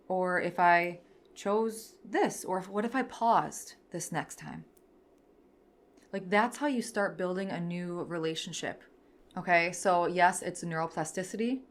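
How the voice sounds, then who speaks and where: A woman in her thirties, a podcast host and therapist, teaching in an earnest, gentle way with many fillers. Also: fairly low pitch.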